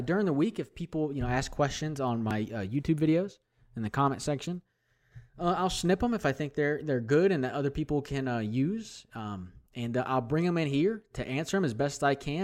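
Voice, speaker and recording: A man's voice: fairly high pitch, darkish tone. A man hosting a solo hobby podcast, talking in a chatty, rambling way with plenty of fillers and restarts. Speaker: podcast host. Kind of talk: casual solo podcast talk.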